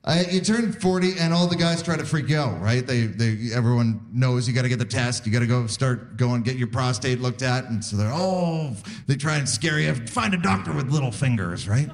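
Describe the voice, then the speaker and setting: A stand-up comedian in his forties performs a self-deprecating set on a live theatre stage, acting out the voices of his wife and doctors. His medium-pitched voice runs at normal speed with few pauses, and the live recording catches crowd noise and audience laughter.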